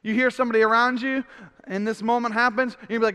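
Male pastor: very high, bright voice, emphatic sermon, echoing hall. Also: level tone, fast talker, clean tone. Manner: emphatic, repeats phrases, cries out in frustration. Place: church hall. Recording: long hall reverb.

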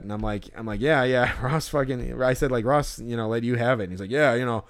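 A man co-hosts a casual podcast, spinning a long story in loose, rambling chat. He swears freely and leans on "like" in nearly every line. His voice is smooth and clean, set at an ordinary middle pitch. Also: fast talker. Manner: rambling, swears often, heavy use of "like". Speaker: podcast co-host.

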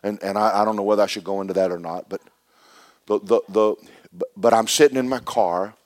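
A man preaching a sermon as a story, swinging between loud bursts and hushed words. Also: lowish voice, fairly even intonation, fairly quick.

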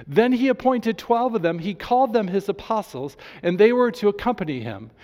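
A man's voice: sits high, lively intonation, a little fast, a little mellow, in a large hall. A male pastor preaching a sermon with enthusiasm, reading scripture aloud to his congregation.

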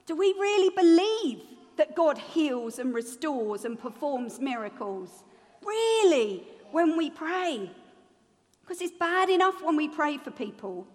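High-voiced woman preaching. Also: takes it slowly, long reverb tail. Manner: lively, humorous, acts out voices. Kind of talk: sermon.

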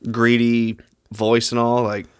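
A man's voice: mid-range voice, monotone, takes it slowly, clear, resonant tone, dry recording, studio quality. A man co-hosting a casual movie podcast, sharing easygoing opinions. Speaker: podcast co-host.

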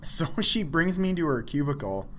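A man telling a personal story in an animated, self-deprecating way with many fillers. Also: on the high side, normal speed, slight background noise.

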